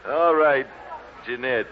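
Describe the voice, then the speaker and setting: A man hosting a live broadcast, jovial and coaxing as he calls people up to the stage. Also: medium pitch. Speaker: radio show host. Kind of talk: live broadcast emcee banter. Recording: dull old broadcast recording, loud crowd. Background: noisy live audience.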